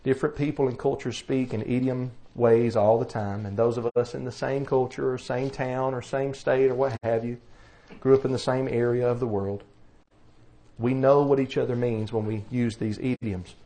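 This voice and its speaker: A man's voice: mid-range voice, fairly even intonation, moderate pace, mellow. A man with a Southern US accent preaching a sermon in a folksy, plainspoken way, asking rhetorical questions. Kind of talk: sermon teaching.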